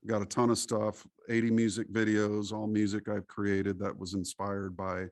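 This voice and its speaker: A middle-aged man from the United States, a podcast interview guest, talking in an animated, preachy storytelling way. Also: fairly low pitch, moderate pace, no room sound, clean studio sound.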